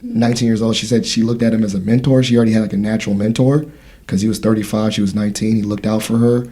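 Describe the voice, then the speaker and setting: A man's voice: fairly low pitch, flat delivery, fast, warm tone. A man in his thirties hosting a casual podcast conversation, telling a story in a rambling way with many fillers and restarts. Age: 30s. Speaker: podcast host.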